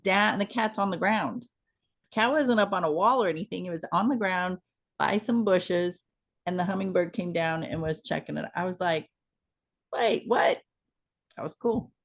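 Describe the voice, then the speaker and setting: A middle-aged woman co-hosting a casual chat, talking in a relaxed, rambling way with many fillers. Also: on the low side, normal speed, creaky. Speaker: co-host.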